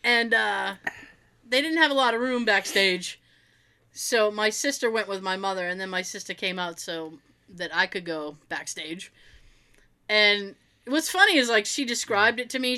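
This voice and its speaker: A woman co-hosting a casual chat, telling family stories in an animated way, swearing freely and acting out what relatives said. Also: medium pitch, normal speed, clear, resonant tone.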